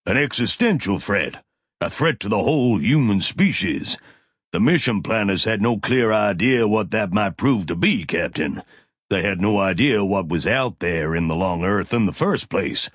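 A man reading an audiobook, voicing a smug, smooth male officer who speaks in a measured, dismissive way. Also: lowish voice, lively intonation, a bit bright, no echo, studio quality, heavily acted.

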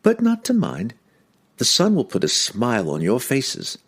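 A cheerful young woman teases in a lilting, chipper voice, as a man puts her on. Her pitch leaps playfully. The reading keeps a storybook lightness. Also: wildly swooping pitch, unhurried, vocal fry, husky, exaggerated voice. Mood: teasing.

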